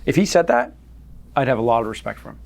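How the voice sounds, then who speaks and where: A man co-hosts a casual podcast and talks quickly. He sounds exasperated and sarcastic about the news. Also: medium pitch, gravelly. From Canada. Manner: animated, exasperated, mocking impressions. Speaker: podcast co-host. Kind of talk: casual political commentary.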